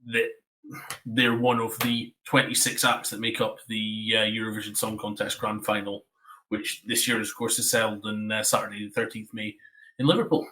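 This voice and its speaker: A man's voice: fairly low pitch, flat delivery, moderate pace, pushed and bright, low-quality recording. A Scottish man hosting a casual music podcast, talking with many hesitant ums and uhs. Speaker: podcast host. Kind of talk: casual chat.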